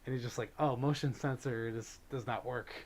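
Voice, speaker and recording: A man's voice: mid-range voice, steady tone, moderate pace. Chatty man hosting a livestream. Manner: chatty, thanks donors, many fillers. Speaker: livestream host. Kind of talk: casual chat with viewers.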